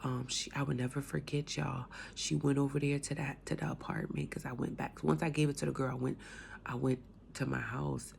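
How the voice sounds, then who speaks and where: A woman with a cold telling her faith testimony in a casual, animated way, moving between loud outbursts and hushed whispers. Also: a bass voice, a little fast, gravelly, slight background noise. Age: adult with a young son. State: has a cold, coughing. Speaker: speaker sharing her testimony.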